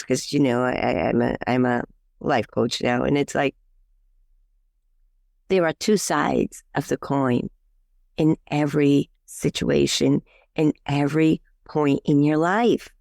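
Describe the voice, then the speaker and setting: A woman's voice: deep voice, vocal fry, no echo, clean studio sound. A woman life coach, a podcast guest, talking in a chatty way with fillers and restarts, acting out the quotes in her stories. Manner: lively storyteller who acts out quotes. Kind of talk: casual interview talk.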